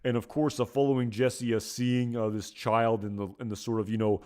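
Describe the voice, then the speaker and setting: A man's voice: mid-range voice, flat delivery, normal speed, mellow. A man giving casual episode commentary, rambling and hesitant with many fillers. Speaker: video commentator.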